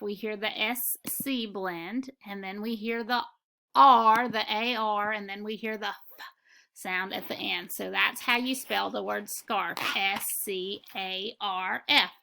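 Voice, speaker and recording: A woman teaching a phonics lesson, speaking slowly and deliberately as she walks through spelling rules. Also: mid-range voice, steady tone, vocal fry, sharp tone. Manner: slow, deliberate and instructive.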